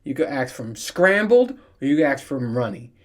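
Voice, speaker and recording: A man's voice: mid-range voice, sing-song, fairly quick. Podcast host, male, loose and profane, rambles, laughs at himself, mid-range voice. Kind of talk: casual solo podcast rant.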